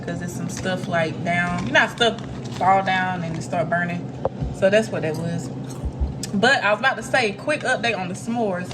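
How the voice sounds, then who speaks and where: A woman's voice: on the low side, normal speed, noisy background. A young woman, chatting casually to viewers as a cooking vlogger. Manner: chatty, addresses viewers as y'all. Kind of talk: casual vlog chat.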